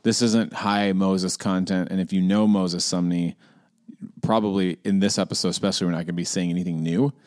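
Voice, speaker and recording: A man with a low voice co-hosts a podcast in casual chat. He talks loosely and playfully and laughs easily. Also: steady tone, fairly quick, a little mellow. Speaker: podcast co-host.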